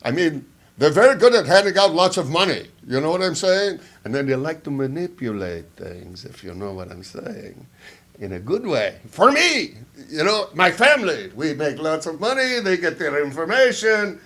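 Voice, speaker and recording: Improv comedy: a man doing a scheming old spy, wisecracking, slightly high, very lively pitch. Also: normal speed. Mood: sly. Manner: wisecracking, drawling, mock-confiding asides. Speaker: comedian in character.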